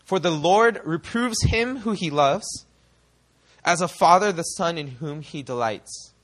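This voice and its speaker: Young male preacher, from the US, bright ringing tone, animated sermon delivery. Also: fairly high pitch, measured pace. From United States. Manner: animated, rhetorical questions to the congregation.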